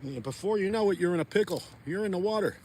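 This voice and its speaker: A man's voice: sits high, lively intonation, fast, dark tone, slight background noise. A chatty, folksy man vlogging outdoors on a frozen lake, talking straight to his viewers. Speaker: fishing vlogger. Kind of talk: casual outdoor vlog talk.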